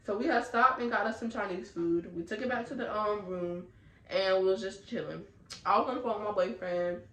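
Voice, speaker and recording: A young woman, from North Carolina, telling a storytime tale in an animated way full of fillers. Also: mid-range voice, brisk, reverberant, poor audio. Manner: animated, talks her way through the story with many fillers. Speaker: vlogger. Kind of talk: storytime chat.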